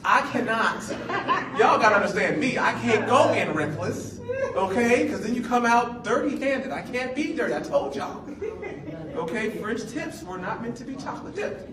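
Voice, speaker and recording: High-voiced pastor, playful and laughing. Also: male voice, sing-song, moderate pace, over a noisy crowd. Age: 40s. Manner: storytelling, playful, laughing often. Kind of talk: sermon. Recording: echoey room, mic at a distance.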